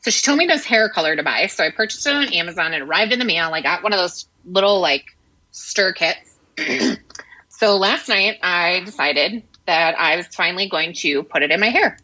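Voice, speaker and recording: Bright-voiced woman telling a candid story. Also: medium pitch, rough recording. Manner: candid, frank storytelling with mild swearing. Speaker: podcast co-host. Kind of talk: casual chat.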